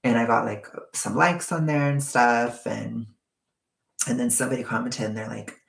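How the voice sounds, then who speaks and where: A man's voice: medium pitch, fairly even intonation, moderate pace, gravelly, fairly bright tone. A young man chatting casually to his viewers in a campy, talkative way with frequent swearing and asides. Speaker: vlogger. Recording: echoey room.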